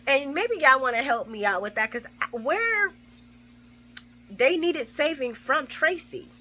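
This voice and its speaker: Bright-voiced woman recapping a soap. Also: sits high, a little slow, slight background noise. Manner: animated, swears freely, acts out characters' lines. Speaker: soap opera recap vlogger. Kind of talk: casual spoken recap.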